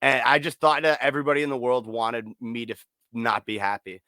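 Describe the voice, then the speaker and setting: Man, podcast co-host, swearing a lot, animated storytelling, dry close sound. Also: medium pitch, fairly quick, dry recording. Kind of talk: casual chat.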